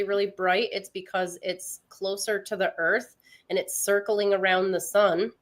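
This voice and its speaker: A woman chats casually on a livestream, explaining things in plain, easygoing terms. Her voice sits at a middle pitch, and she keeps an informal, talkative manner with her co-host and viewers. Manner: chatty, animated, explains science plainly.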